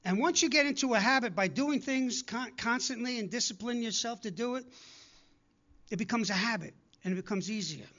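Over lo-fi sound, a man speaks at an extremely high pitch, briskly and with a fairly bright tone. Delivering a sermon, he keeps exhorting his congregation with earnest repetition and performs the voices of those he quotes.

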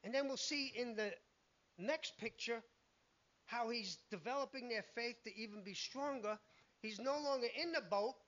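High-voiced emphatic male preacher. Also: moderate pace, fairly bright tone, dull audio. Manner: emphatic, acts out quoted lines. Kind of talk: sermon.

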